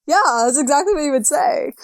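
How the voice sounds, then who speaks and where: A giggly, playful woman co-hosting a gaming podcast, laughing through her stories. Her voice sits a little high. The sound is dry and close, with no room around it. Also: animated, brisk, no room sound. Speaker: podcast co-host. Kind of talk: casual gaming podcast chat.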